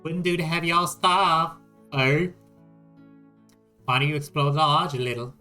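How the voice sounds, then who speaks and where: A man's voice: on the high side, unhurried, sharp tone, soft background music. A man voicing a busy, bossy male lodge keeper with a put-on Canadian accent and a folksy manner. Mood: brusque.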